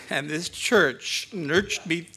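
A sixty-something man, guest preaching in a church sanctuary, launches his sermon with a catch in his throat and jokes at his own expense. His voice runs a little high, pushed and bright with a breathy edge.

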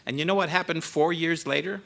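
A man's voice: a little high, brisk, vocal fry, a bit bright. A man in his sixties, a guest preacher in a church, choked up and joking at himself as he opens his sermon. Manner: choked up, joking, self-deprecating. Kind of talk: emotional sermon opening. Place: church sanctuary.

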